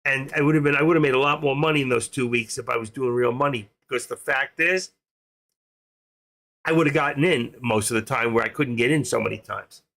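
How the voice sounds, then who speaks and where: An older man hosting a live trading stream, talking in an excitable, rambling casual way. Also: medium pitch, fairly quick.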